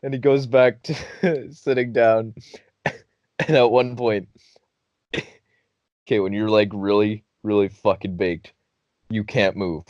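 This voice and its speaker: A man's voice: on the low side, slow pace, pauses often, no echo. Young man telling a story, dull lo-fi sound. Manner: animated, laughing, swearing often, acting out friends' lines. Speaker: podcast host. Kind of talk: casual storytelling. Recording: dull dry lo-fi recording.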